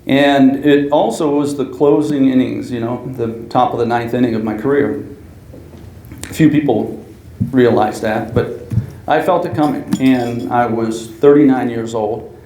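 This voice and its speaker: Gravelly man giving a speech in a hall. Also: mid-range voice, steady tone, measured pace, mellow. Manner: storytelling with laughter, earnest. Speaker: hall of fame inductee. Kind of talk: acceptance speech. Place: banquet hall. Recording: echoey hall, faint room noise.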